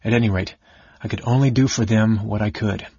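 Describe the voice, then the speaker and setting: A man's voice: fairly low pitch, fairly even intonation, fairly quick, darkish tone, slightly rough, no room sound. A man reading the part of a grieving young nobleman and knight who turned bandit, speaking bitterly and grimly. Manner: bitter and grim. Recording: dull lo-fi recording.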